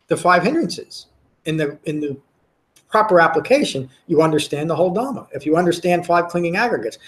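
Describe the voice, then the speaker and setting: Earnest male meditation teacher. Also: on the high side. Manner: earnest, emphatic, repeats words and restarts phrases. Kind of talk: Dhamma talk to a class. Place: meditation center.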